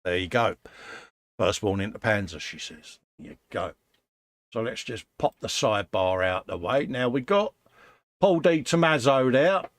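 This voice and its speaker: A man's voice: medium pitch, expressive, normal speed, no echo. A British man hosting a casual live stream from his workshop, reading out viewer comments in a chatty, matey way. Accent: British English. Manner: chatty, matey, calls viewers mate and folks. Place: home workshop.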